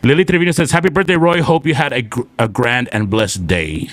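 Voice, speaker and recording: A young man from South Texas with a slight twang, hosting a casual live show and reading out viewer shout-outs. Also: medium pitch, a little fast, no room sound. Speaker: show host.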